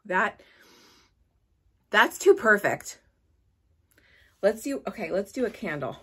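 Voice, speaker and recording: A woman hosting a casual unboxing vlog, gushing and excitable, with gasps and squeals. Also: mid-range voice, takes it slowly, long pauses, breathy edge. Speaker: vlogger host.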